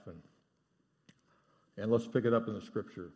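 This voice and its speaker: A middle-aged man preaching a sermon in a church, earnest, dropping to hushed tones for emphasis. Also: fairly low pitch, moderate pace, long pauses. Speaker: pastor. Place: church sanctuary.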